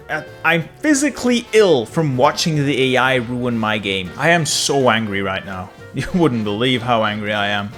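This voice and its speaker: Exasperated man narrating a strategy game. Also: on the high side. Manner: exasperated ranting, sarcastic. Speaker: gaming YouTuber. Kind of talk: gameplay commentary.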